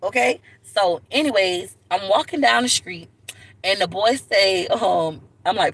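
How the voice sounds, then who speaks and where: A woman telling stories to camera in a blunt, animated way, often calling viewers "baby". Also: medium pitch, unhurried, slight background noise. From Florida, USA. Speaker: vlogger. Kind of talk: casual storytelling to camera.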